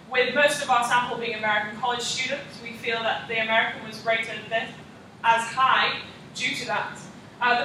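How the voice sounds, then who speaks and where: Bright young woman presenting in echoey room. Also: fairly high pitch, a little hiss or hum. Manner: reads prepared slides, frequent ums. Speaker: student presenter. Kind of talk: class presentation practice. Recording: echoey room, mic far off.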